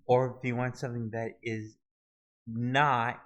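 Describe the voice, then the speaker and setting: A man walking viewers through a website search tool in a halting, casual screen-recorded tutorial, often restarting his sentences. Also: mid-range voice, level tone, fairly bright tone, lo-fi sound. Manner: halting, many restarts and fillers. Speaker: video tutorial host.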